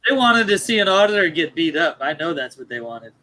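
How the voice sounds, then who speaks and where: A man's voice: a little high, big pitch swings, a little fast, pushed and bright, rough recording. A man on a casual livestream chat, telling a story and cutting in to defend himself. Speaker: livestream co-host.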